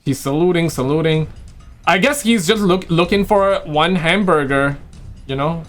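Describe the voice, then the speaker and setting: Guy reacting to a video, kinda high voice, jokey offhand asides. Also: moderate pace, a bit bright, soft background music. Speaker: reaction streamer. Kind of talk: casual reaction commentary.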